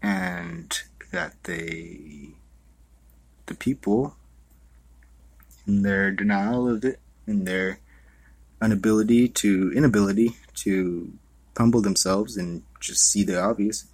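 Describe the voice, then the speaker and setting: A man's voice: on the low side, steady tone, takes it slowly, pauses often, darkish tone, breathy edge, no room sound. A man hosting a podcast in a loose, rambling monologue, profane and full of fillers. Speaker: podcast host.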